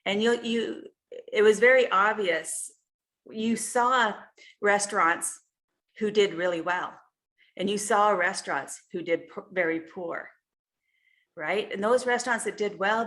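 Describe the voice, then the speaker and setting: A woman's voice: medium pitch, measured pace, a bit bright. Woman coaching a group over a video call. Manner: conversational, with frequent "you know" and "right?" check-ins. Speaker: health and life coach. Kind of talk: online group coaching session.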